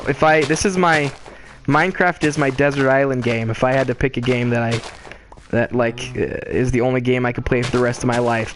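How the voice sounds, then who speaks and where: A man game master chatting casually while answering live questions, rambling with many restarts and quick chuckles. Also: medium pitch, slight background noise.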